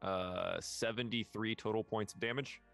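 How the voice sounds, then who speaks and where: A man playing in a tabletop game, animated, laughing and swearing. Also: fairly low pitch, normal speed, vocal fry, soft background music. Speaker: player.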